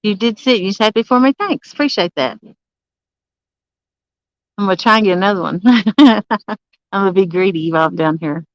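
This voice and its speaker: A woman's voice: mid-range voice, moderate pace, pauses often, no room sound, dull audio. A woman chatting casually on a live stream from a campsite, greeting viewers by name and laughing often. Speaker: livestreaming angler. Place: campsite outdoors.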